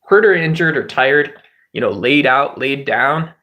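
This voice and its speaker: A man's voice: mid-range voice, animated, a little slow, bright, forceful tone, echoey room. A man hosting a casual livestream chat, rambling with lots of filler words and restarts. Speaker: livestream host.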